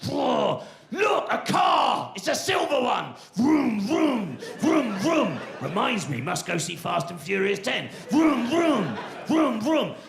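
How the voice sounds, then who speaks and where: A brash, dim macho bloke, as a comedian puts him on bellows grunting exclamations. His voice is pushed up high and loud, swinging wildly as he shouts. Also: sing-song, takes it slowly, gravelly, hardly any pauses, echoey room, full character voice. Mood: boorish. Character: loud dim macho man obsessed with cars.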